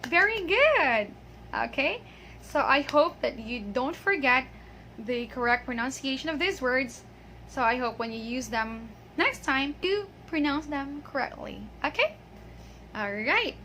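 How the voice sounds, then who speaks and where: A woman's voice: high-pitched, lively intonation, unhurried, bright, forceful tone, slight background noise. A woman with a Filipino accent giving a chatty pronunciation lesson, laughing often and saying "okay" a lot. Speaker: English pronunciation teacher. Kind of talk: casual video lesson.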